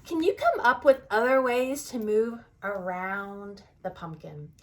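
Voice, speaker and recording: A woman teaching a toddler music class, talking in a bright sing-song way and singing slow children's songs. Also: medium pitch, lively intonation.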